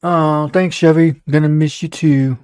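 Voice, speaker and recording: A man's voice: fairly high pitch, steady tone, a little slow, darkish tone, smooth, dry recording. A man hosting a casual livestream show, rambling and joking with lots of fillers. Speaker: show host.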